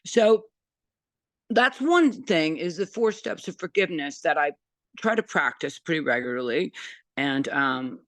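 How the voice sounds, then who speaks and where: A woman's voice: low-pitched, expressive, measured pace, fairly bright tone, dry recording. A woman in her sixties from San Francisco giving a rambling, earnest personal testimony in a group sharing circle, with many fillers and restarts. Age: 60s.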